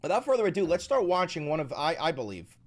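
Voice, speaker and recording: A man's voice: on the high side, big pitch swings, fast talker. A man in his thirties hosting a reaction stream, talking in a profane, emphatic, ranting way. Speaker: political commentary streamer.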